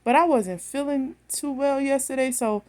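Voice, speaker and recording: A woman's voice: high voice, moderate pace, a little mellow. A woman, telling a story bluntly and with animation straight to her phone camera. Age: 30s. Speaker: vlogger.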